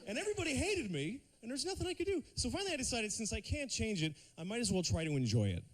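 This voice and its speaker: High, bouncy comic man on stage. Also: fast, a little hiss or hum. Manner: lively, breaks into silly put-on voices. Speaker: stand-up comedian. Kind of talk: stand-up routine. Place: TV studio stage.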